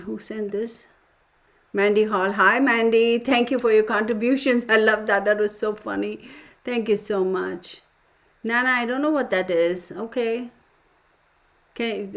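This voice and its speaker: Woman host, casual live stream chatter, reads chat aloud, laughs a lot, mid-pitched voice. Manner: reads comments aloud, laughs often, exclaims in surprise.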